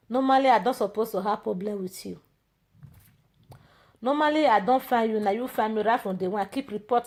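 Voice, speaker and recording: A woman speaking Nigerian Pidgin English, her voice sitting a little higher than most. She rants in a loose, confrontational way, mocking and rambling as she talks straight to her viewers. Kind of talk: casual ranting monologue.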